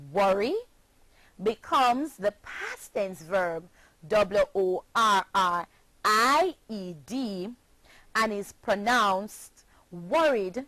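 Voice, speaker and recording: A woman from Jamaica leads a scripted pronunciation lesson, spelling each word out one letter at a time. She speaks extremely slowly and deliberately, at a middling pitch. Her voice sounds close and dry, with no room around it. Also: fairly bright tone, no room sound. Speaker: teacher.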